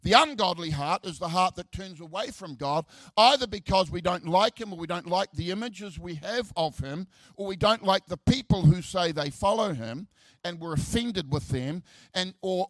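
A man's voice: sits high, lively intonation, normal speed, fairly bright tone, no echo. A middle-aged man preaching a sermon, reading scripture aloud, often repeating words and dropping joking asides. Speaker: pastor.

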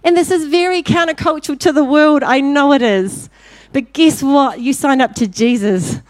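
A woman preaching a sermon, telling a story with lively acted-out voices before turning to direct exhortation. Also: high-pitched, normal speed, dry recording. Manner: animated storyteller, acting out voices in anecdotes.

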